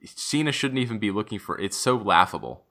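A man co-hosting a casual podcast chat, swearing freely and acting out quotes in an animated way. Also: on the low side, brisk. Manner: animated, swears freely, acts out wrestlers' lines. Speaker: podcast co-host.

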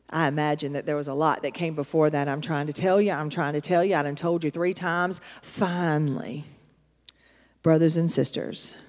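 A woman's voice: lowish voice, a little mellow. Woman preaching in a reverberant hall. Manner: storytelling, conversational, emphatic asides to the congregation. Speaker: pastor. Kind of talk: sermon. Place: church auditorium. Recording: long reverb of a large hall.

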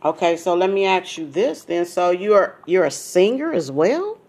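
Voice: mid-range voice, expressive, normal speed, a little mellow, breathy edge. A middle-aged interviewer hosting a music show, easygoing and affirming, with casual slang.

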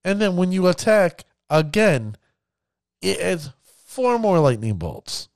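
A man giving casual commentary on card games, addressing his viewers as ladies and gentlemen and acting out players' reactions. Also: sits high, very animated, slow pace, gravelly, no echo, clean studio sound. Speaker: card game content creator.

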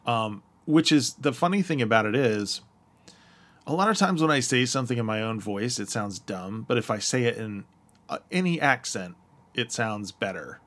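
A man's voice: mid-range voice, expressive, normal speed, fairly bright tone. An American man co-hosting a podcast, chatting casually, hesitant with many fillers and frequent laughs. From United States. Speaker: podcast co-host. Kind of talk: casual chat.

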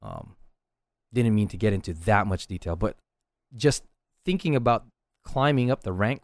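A man's voice: fairly low pitch, lively intonation, normal speed, dry recording, studio quality. A middle-aged man, a martial arts instructor, talking earnestly on his podcast, often checking in with "right?". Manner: earnest, coaching tone, frequent "right?" tags. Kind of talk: casual solo podcast talk.

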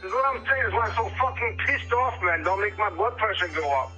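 A man's voice: high-pitched, fast, husky, soft background music, exaggerated voice. A man voicing a hot-tempered, foul-mouthed male rock musician ranting on a phone call. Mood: angry rant. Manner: ranting, profane, snaps back to calm. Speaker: caller. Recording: muffled phone line.

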